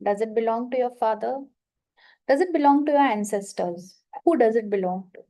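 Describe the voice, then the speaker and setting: A woman coach leading a guided money affirmation exercise, slowly repeating statements and giving prompts to her listeners. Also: on the high side, warm tone. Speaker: manifestation coach leading a workshop.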